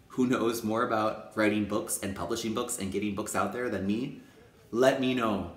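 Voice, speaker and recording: A young adult male teacher vlogging in an enthusiastic, playful way. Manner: enthusiastic, playful, acts out high-pitched quoted voices. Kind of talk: upbeat casual vlog talk. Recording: echoey room.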